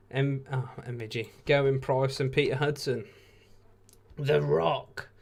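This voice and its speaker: A man's voice: medium pitch, darkish tone. A tired man hosting a live watch-along stream, giving laid-back, chatty commentary with jokey asides. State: tired, yawning. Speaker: stream host.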